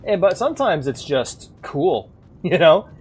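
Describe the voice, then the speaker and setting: A man's voice: on the high side, big pitch swings, a little slow, breathy edge. Rambling, foul-mouthed man streaming a game. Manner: rambling, swears freely, thinks aloud. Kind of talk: casual gameplay commentary.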